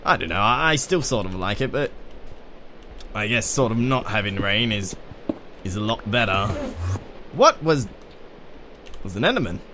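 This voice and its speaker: A man's voice: lowish voice, very animated, normal speed, pauses often, noisy background. An Australian man with a put-on British accent, chatting his way through a video game and talking to the creatures in it. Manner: chatty, rambling, talks to game mobs. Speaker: let's play host. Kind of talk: gaming commentary. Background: keyboard typing and clicks.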